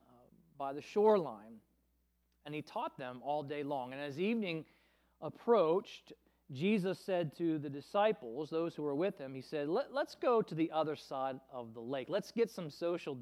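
A man preaching a sermon in an earnest, measured way, now and then acting out quoted voices with feeling. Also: a little high. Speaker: pastor.

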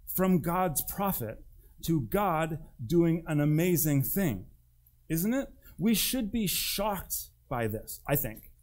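A man's voice: fairly high pitch, darkish tone. A male pastor preaching a sermon in church in a conversational, emphatic way. He puts direct questions to the congregation. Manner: emphatic, with acted-out quotes.

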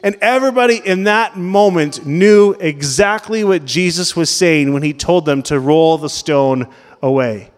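A man gives a sermon in a conversational, questioning manner, his voice pitched high for a man. The sound carries a long reverb, as in a large church hall. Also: unhurried. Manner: conversational preaching, questions the congregation. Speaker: pastor.

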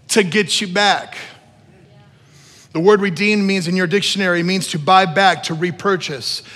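A male pastor with a high, bright, forceful voice preaches to his congregation. His words ring out in a church hall with a long reverb tail, and he repeats key lines and rises to loud, emphatic peaks. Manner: repeats phrases for emphasis, asks the room to respond. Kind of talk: sermon.

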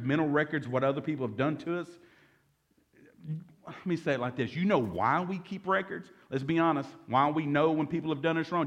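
A pastor in his forties, his voice medium in pitch and the recording muffled, delivers a conversational sermon. He jokes around and calls out to the congregation for responses.

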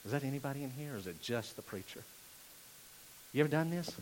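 A man preaching a sermon to his church, swinging between hushed, intimate moments and loud, fervent passages. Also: mid-range voice, expressive, quick pace, pauses often, a little hiss or hum, low-quality recording. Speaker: pastor. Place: church sanctuary.

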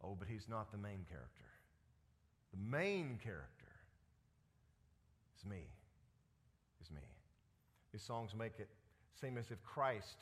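A man preaching a sermon as pastor, animated and full of rhetorical questions. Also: on the low side, slow, long pauses.

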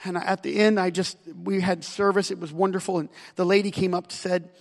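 High-voiced American preacher in a hall. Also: male voice, level tone, a little fast, hardly any pauses. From United States. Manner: storytelling, rising to loud emphatic preaching. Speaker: pastor. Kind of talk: sermon with personal stories.

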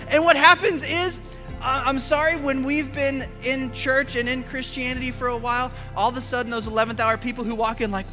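A man's voice: very high voice, brisk. A man preaching a sermon in a church, telling stories and acting out dialogue between characters. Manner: animated storytelling, acting out dialogue. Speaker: pastor. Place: church sanctuary. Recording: large hall with music behind.

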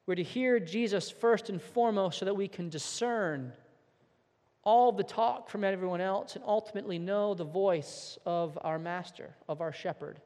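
A man's voice: high-pitched, moderate pace, a little mellow. A man preaching a sermon from the pulpit, earnest and emphatic, now and then repeating a word as he presses his points. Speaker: pastor. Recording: long hall reverb.

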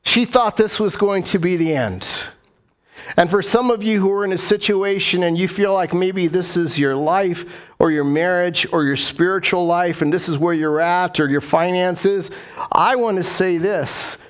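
A man's voice: high-pitched, a little slow. A man preaching a sermon as pastor, repeating key phrases for emphasis and putting questions to his congregation.

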